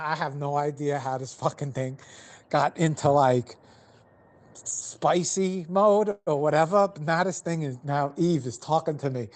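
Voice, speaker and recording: A man hosting a casual podcast, telling a rambling, profanity-laced story full of restarts and fillers. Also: on the high side.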